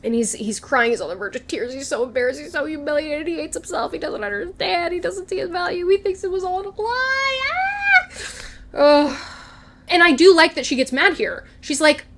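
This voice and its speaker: A woman's voice: high voice, fairly quick. A young woman vlogger chatting casually and gushing as she recaps a TV episode, slipping into quoted lines. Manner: gushing, animated, quotes characters in voices.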